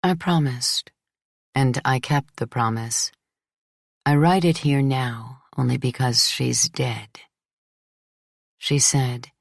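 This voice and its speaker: A woman reading a first-person novel as an audiobook in a measured, steady way. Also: extremely low pitch, gravelly, no room sound, studio quality. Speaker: audiobook narrator. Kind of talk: first-person literary narration.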